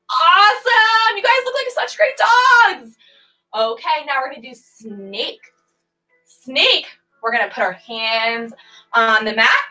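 High bubbly young woman teaching kids yoga, bright voice, slow and sing-songy, faint music behind. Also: poor audio. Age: 20s. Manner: animated, sing-song, playful animal sounds. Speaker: children's yoga instructor. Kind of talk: livestreamed kids yoga class.

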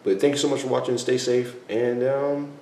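Answering viewer questions on his casual vlog, a young man speaks at medium pitch with a steady, warm tone and a moderate pace. His replies wander and self-correct, broken up by frequent laughter, and the echoey room carries faint background noise.

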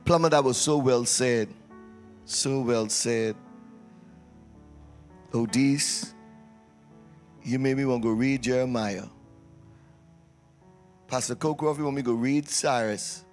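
Playful pastor leading a church service. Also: male voice, mid-range voice, measured pace, pauses often, soft background music. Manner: playful, teasing, call-and-response with congregation. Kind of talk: church service announcements and prayer. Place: church sanctuary.

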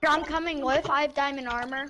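A woman teammate chats casually during a game, shouting eager call-outs. Her voice is high for a woman. Keyboard typing is clearly heard behind her. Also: fairly even intonation, fairly quick, noisy background. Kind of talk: casual gaming chat.

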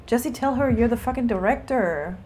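A woman's voice: fairly high pitch, animated, brisk, mellow, slight background noise. A woman streamer giving casual, chatty commentary while she plays a game, swearing freely and talking to things on the screen.

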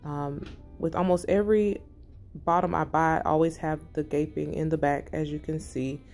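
A middle-aged woman narrating her fashion haul in a quiet, breathy, relaxed ASMR-style voice-over. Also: deep voice, moderate pace, faint music behind. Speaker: fashion vlogger.

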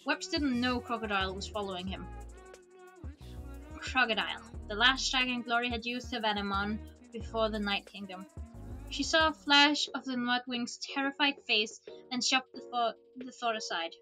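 Woman reading a storybook, relaxed, casual asides, high bright voice. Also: moderate pace, faint music behind. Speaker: streamer reading a book aloud. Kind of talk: storybook read-aloud.

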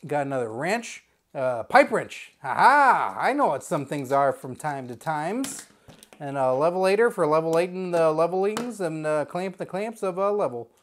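A man's voice: a little high, a little hiss or hum. A man hosting a comedic unboxing video, goofy and joking, full of wordplay and mock drama.

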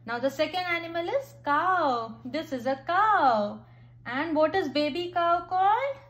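A mother reads an animal picture book aloud with her little one, speaking slowly and patiently. Her voice sits high, and she praises often and gently. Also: lively intonation. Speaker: mother teaching her child. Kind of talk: reading a picture book with a child.

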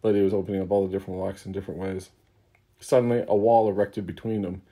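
A man's voice: low-pitched, little pitch movement, fast talker, warm tone. A man narrating an improvised comic adventure story in a loose, off-the-cuff way. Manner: laughs at his own story, loose.

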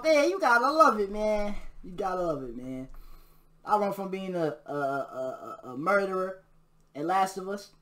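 A man giving excitable live gameplay commentary, trash-talking and bursting into shouts during fights. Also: sits high, normal speed. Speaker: gamer. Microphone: new desk mic.

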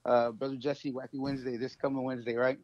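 A man sharing a personal struggle in a halting, emotional way, full of fillers, on a phone. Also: medium pitch, level tone, a little mellow, dry recording. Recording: dull dry phone audio.

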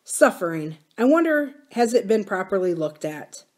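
A man's voice: high-pitched, very animated, normal speed. List: woman voicing a wry older farmer, musing, philosophical, read aloud from a novel.

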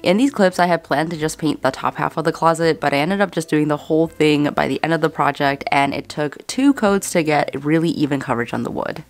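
A woman's voice: low voice, a little fast, hardly any pauses. Chatty young woman narrating a vlog. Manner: chatty, upbeat, thankful. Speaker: home makeover vlogger. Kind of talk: casual voice-over narration.

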